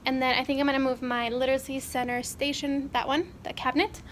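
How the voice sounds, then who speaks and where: A woman's voice: high voice, flat delivery, fast talker, a little hiss or hum, rough recording. A woman in her twenties, a kindergarten teacher, chatting casually to the camera in a rambling way, filming on a phone or camera held at arm's length in her classroom and car. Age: 20s. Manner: chatty and rambling, with fillers and self-corrections. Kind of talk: casual vlog chat.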